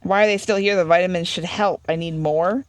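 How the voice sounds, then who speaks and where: A young woman hosts a casual let's-play of a horror game in a lowish voice with fairly even intonation, speaking briskly with no room sound. She reads the game text aloud and adds joking asides.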